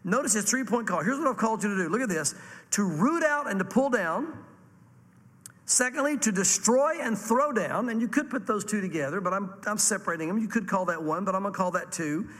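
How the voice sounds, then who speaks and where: A man preaching a sermon to a congregation, animated and acting out the voices he quotes. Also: high-pitched, fairly quick, long reverb tail. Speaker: pastor.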